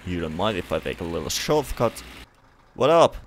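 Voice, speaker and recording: Young Finnish-accented male streamer, lowish voice, shouty and profane, desk mic with faint noise. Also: moderate pace. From Finland. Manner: excitable, swearing, shouting at the game. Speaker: gaming youtuber. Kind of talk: let's play commentary.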